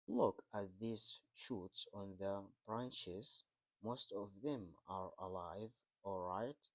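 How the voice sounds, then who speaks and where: Gentle country boy, read by a man. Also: sits low, very slow, no room sound, heavily acted. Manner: gentle, warm.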